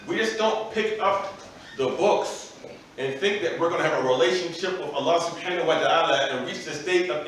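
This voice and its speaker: A man delivers a religious lecture with emphatic explanations, his voice sitting a little high. He is heard from a distance in a very echoey room, with a faint noise underneath. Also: fairly bright tone. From United States. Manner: explanatory, emphatic, asks the audience "right?". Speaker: imam giving a lecture. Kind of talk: religious lecture to a live audience. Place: festival venue with an audience.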